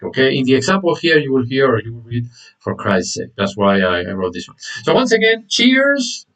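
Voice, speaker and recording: A man's voice: medium pitch, sing-song, brisk, a bit bright, distant mic, low-quality recording. A man teaching an online English lesson, repeating words, saying "okay" often and greeting viewers by name.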